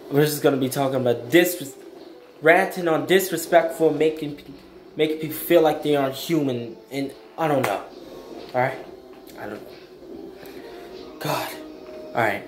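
A man's voice: a little high, measured pace, pauses often, a little hiss or hum. A young man ranting in a vlog, emphatic and blunt, repeating his points with slang. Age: young adult. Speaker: vlogger. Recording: echoey room.

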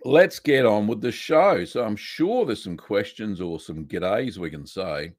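An Australian man hosting a casual live stream, chatting in a relaxed way and greeting viewers one by one. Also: on the low side, a little slow, no room sound, clean studio sound.

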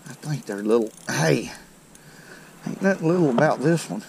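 Narrating casually by a creek, this fishing channel host is folksy and exclaims over each fish he lands. His medium-pitched, darkish voice has lively intonation and vocal fry, at normal speed with frequent pauses; a little hiss or hum is audible.

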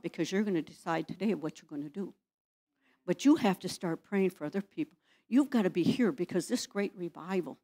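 A woman's voice: lowish voice, moderate pace, warm tone. A woman pastor preaching in a church, firing rhetorical questions at the congregation. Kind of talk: sermon.

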